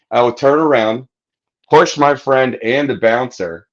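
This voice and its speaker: A podcast host with a mid-range voice speaks slowly through a muffled recording, swearing as he tells a long, animated story in casual chat and acts out what others said.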